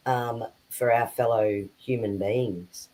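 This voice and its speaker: A man co-hosting a spiritual chat who speaks in a reflective, measured way, with frequent pauses and fillers. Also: medium pitch, steady tone, darkish tone, poor audio.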